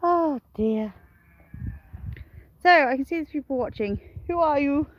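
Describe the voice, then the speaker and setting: A woman's voice: high-pitched, animated, unhurried, highs cut off. A woman chatting casually on a live stream while showing her farm animals, rambling and cooing at them. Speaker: smallholder vlogger. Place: outdoors on a farm among sheep and goats.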